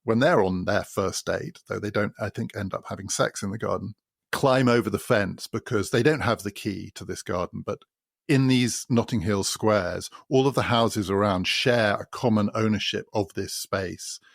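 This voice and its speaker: A man hosts a podcast and talks through a novel in an explanatory way. His low voice has a gravelly fry, and he drives points home by repeating them. The sound is close and dry. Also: moderate pace, dry recording. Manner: explanatory, builds points by repetition. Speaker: podcast host. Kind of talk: spoken literary commentary.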